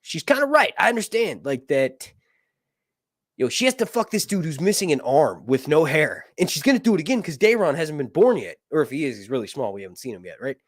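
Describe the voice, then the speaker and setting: Man, fairly high voice, very lively pitch, dry sound, crude jokes, rambling live-stream chat. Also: brisk, no echo. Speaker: livestream show reviewer.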